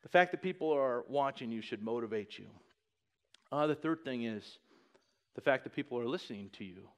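A pastor in his forties preaching a sermon, joking and telling stories in an animated way. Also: normal speed. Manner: joking, animated storytelling with put-on high voices.

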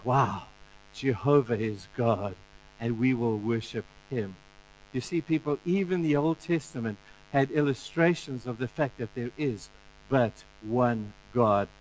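A male pastor preaching a sermon in an animated way, acting out the stories in different voices. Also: medium pitch, a little hiss or hum, rough recording.

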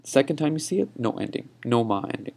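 Young guy walking through pronunciation slide by slide, kinda gravelly and dark, says each word slow again. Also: mid-range voice, animated. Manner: explains patiently, repeats words slowly for practice. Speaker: teacher. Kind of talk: pronunciation lesson over slides.

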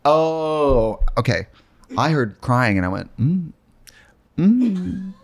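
A camp man chatting with a co-host, bawdy and quick with asides. His pitch swings widely as he talks, full of playful jabs. He sounds like a man in his thirties. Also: expressive. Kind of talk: casual comedic chat.

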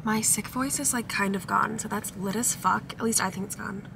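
A woman's voice: medium pitch, fairly even intonation, moderate pace, vocal fry. A young woman vlogger chatting casually and upbeat to her viewers from a car, full of "like" fillers. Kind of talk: casual vlog chat. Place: in a car at a drive-thru. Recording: car noise in the background.

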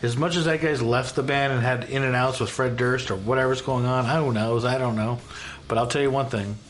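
A man ranting casually and enthusiastically on camera, in a voice of middle pitch. He gushes emphatically and swears without a second thought. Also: steady tone, a little fast, a little hiss or hum. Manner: emphatic, gushing, swears freely. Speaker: YouTuber.

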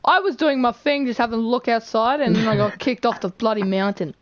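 A woman's voice: a little high, a little fast, noisy background. A woman chatting while playing a game with a friend, often protesting and exclaiming. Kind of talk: casual gameplay chat with a friend.

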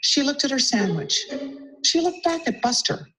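A woman principal reading a picture book aloud to young children, lively and adding little asides as she goes. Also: high-pitched, moderate pace, rough recording. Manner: animated, chiming in with asides. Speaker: school principal.

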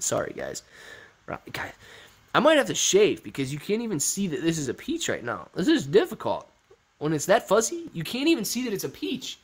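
A young man chatting through a live stream, reading comments out in a loose, playful way. His voice sits fairly high for a man, and he jumps between loud outbursts and quieter asides. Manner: animated, goofy, jumps between shouting and mumbling. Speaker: stock livestream host.

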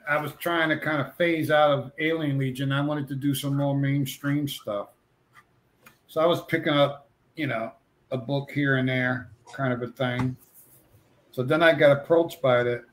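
A man telling lively stories as a guest comic artist in a casual chat, acting out the voices he quotes. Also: medium pitch. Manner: animated anecdote teller, acts out quoted voices.

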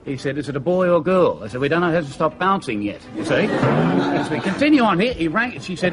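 An Australian man telling jokes on a TV show, lively and full of character voices. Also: a little high, fairly quick, over music. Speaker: comedian. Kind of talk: stand-up joke telling.

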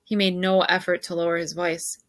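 A woman's voice: fairly low pitch, level tone, fairly quick, a bit bright, no echo. A woman teacher reading a novel aloud to her students, stopping to ask questions and explain.

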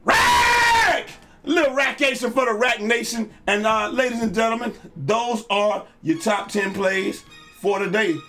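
A man hosting a video channel, giving hyped, slangy commentary over basketball highlights and shouting out the big plays. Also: fairly even intonation, a little slow, faint music behind. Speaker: YouTube host and streamer.

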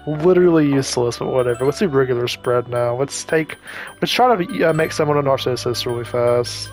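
A man giving casual let's-play commentary, rambling and chatty with frequent self-corrections and quick asides. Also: medium pitch, soft background music. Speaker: gaming YouTuber.

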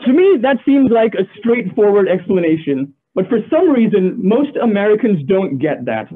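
A man's voice: sits high, moderate pace, husky. A young man from the Gulf region doing a stand-up comedy set over a video call, telling stories with playful asides. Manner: animated storyteller, playful asides. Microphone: video call audio. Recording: tinny phone-like line.

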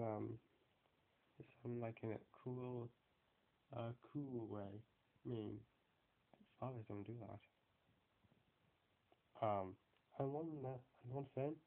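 A man giving a casual spoken review of film characters, rambling and hesitant with many fillers and restarts. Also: medium pitch. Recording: tinny phone-like sound.

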